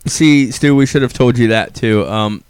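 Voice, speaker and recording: A man's voice: medium pitch, normal speed, smooth. Opinionated man ranting on a podcast. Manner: opinionated, ranting, laughs often. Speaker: podcast host. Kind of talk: casual chat.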